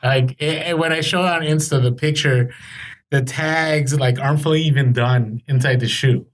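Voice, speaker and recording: A man's voice: medium pitch, fairly even intonation, normal speed. A man co-hosting a podcast, telling rambling stories in casual chat with lots of fillers and restarts. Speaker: podcast co-host.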